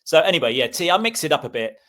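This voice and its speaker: Relaxed British man in casual chat. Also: fairly high pitch, fast talker. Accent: British English. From Britain. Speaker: podcast co-host.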